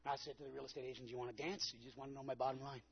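A man's voice: mid-range voice, steady tone, racing, highs cut off. A man preaching a sermon, telling a personal story with dramatic delivery and acted-out quotes. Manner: dramatic storytelling, acting out his own quotes.

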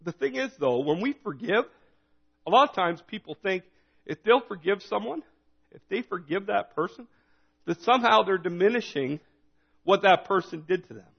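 A man preaching a sermon in a relaxed, conversational way, reading scripture and retelling it in his own words. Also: high-pitched, moderate pace, creaky, breathy edge. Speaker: pastor. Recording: dull lo-fi recording.

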